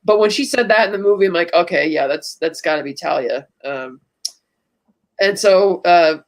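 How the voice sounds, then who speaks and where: A high-voiced man co-hosting a podcast talks at a moderate pace. In a casual movie recap chat, he retells scenes from films and quotes their lines.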